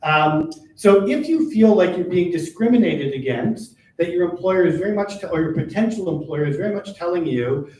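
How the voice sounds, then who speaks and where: An older man with a somewhat high voice presents a live workshop, talking quickly and keeping his listeners with him by asking "right?" and "all right?" He is caught from a distance by a room mic in an echoey space, with faint noise underneath. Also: expressive, a little mellow. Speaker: workshop presenter for a workers' advocacy centre. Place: meeting room at a chamber of commerce.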